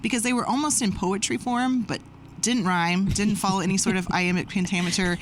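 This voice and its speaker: A woman's voice: mid-range voice, fairly even intonation, a little fast, slight background noise. A woman co-hosting a podcast in casual, playful, joking chat. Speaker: podcast co-host.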